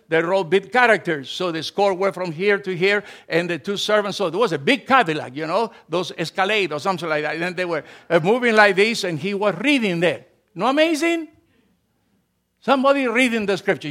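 A middle-aged male pastor preaching an animated sermon, swinging from emphatic rises to soft asides, speaking as a with grammar. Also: sits high.

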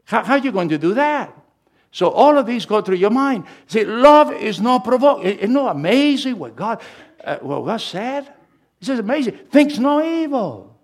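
A pastor delivers an animated sermon, dropping into soft asides and then rising to loud, emphatic lines. His voice sits high for a man, with a gravelly edge. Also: moderate pace.

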